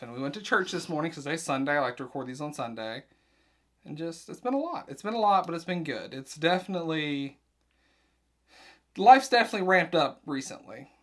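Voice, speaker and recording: A young man hosting his vlog, chatting casually and rambling through a busy day with quick asides. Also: medium pitch. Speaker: vlog host, nurse practitioner student. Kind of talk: casual chat.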